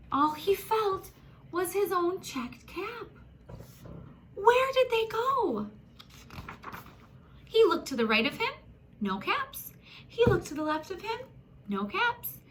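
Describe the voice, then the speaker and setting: A woman reading a children's picture book aloud, animated and gasping, talking to young listeners as friends. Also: very high voice, measured pace, a little hiss or hum. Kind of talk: expressive children's story read-aloud.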